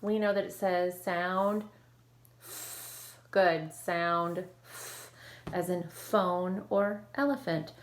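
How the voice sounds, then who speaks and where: A woman teacher leading an online phonics lesson, modeling sounds clearly and slowly and praising her students. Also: on the low side. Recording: echoey room with faint noise.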